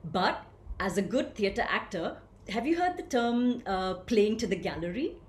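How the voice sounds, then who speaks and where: A woman leading an online voice workshop, telling stage stories and reading out participants' comments in an animated, engaging way. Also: medium pitch, normal speed. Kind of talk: interactive webinar talk. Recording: echoey room with faint ambient noise.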